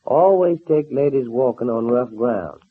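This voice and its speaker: Heard on an old narrow-band radio transfer, this 1930s serial features an actor voicing a laid-back young cowboy hero who talks in a folksy, teasing way. The voice is mid-range and husky, expressive and measured in pace.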